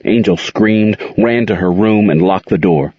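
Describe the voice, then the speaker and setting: Very deep-voiced male storyteller. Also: measured pace. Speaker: narrator. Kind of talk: storybook reading aloud. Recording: dull lo-fi dry recording.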